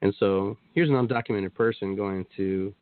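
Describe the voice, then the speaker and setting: A man's voice: fairly low pitch, fairly even intonation, moderate pace, no room sound. A man telling his story as a guest on a talk show, rambling with many restarts and quoted asides. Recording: tinny phone-like line, dry.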